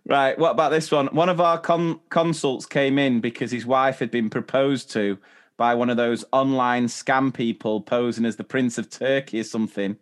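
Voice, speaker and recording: A man's voice: medium pitch, steady tone, moderate pace. Man hosting a chatty podcast. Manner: reads out stories and quizzes his co-host. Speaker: podcast co-host. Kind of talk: casual chat.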